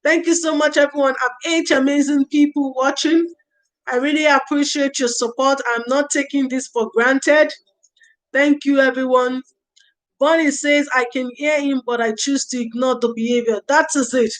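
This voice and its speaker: High-voiced woman hosting a livestream. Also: steady tone, moderate pace, poor audio. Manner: reads out viewer comments and thanks viewers warmly by name; earnest advice-giving with repeated phrases. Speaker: livestream host. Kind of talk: casual livestream talk on early years parenting.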